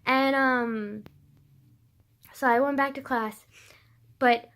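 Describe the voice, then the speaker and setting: A woman's voice: high-pitched, steady tone, takes it slowly, a bit bright. A young woman telling a personal story in a casual vlog, rambling with constant "like" and casual swearing.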